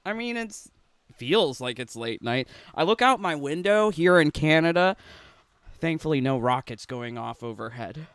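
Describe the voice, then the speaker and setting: A man's voice: a little high, lively intonation, normal speed, fairly bright tone, smooth, no room sound. A man ranting in a sarcastic, rambling, giggly way from his home in a casual gaming vlog. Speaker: gaming YouTuber. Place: home room.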